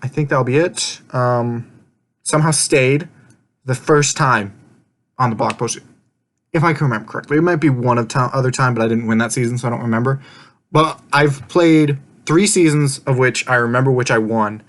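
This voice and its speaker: Man, medium pitch, casual rambling recap, laughs and swears freely. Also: normal speed, a bit bright. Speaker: vlogger recapping an online game.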